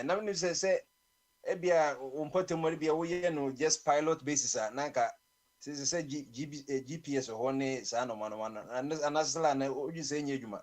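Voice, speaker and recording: A man's voice: fairly high pitch, a little mellow. A man hosting a radio chat, asking questions and stumbling over fillers. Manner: questioning, halting with many fillers.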